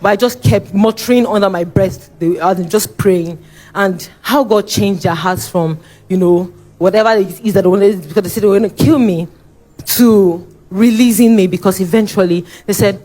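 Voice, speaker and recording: A young woman with a Nigerian accent delivers a spoken testimony before a church. She tells it in an animated way, her pitch leaping as she acts out her own cries and pleas. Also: moderate pace. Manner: animated, re-enacts her own shouting and pleading. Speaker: church member giving testimony.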